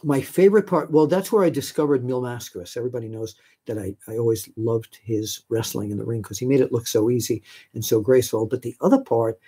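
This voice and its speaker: A man's voice: medium pitch, fast talker, mellow, breathy edge. An older man from New York hosting a live stream, answering viewer questions in a chatty, rambling way with many fillers. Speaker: host.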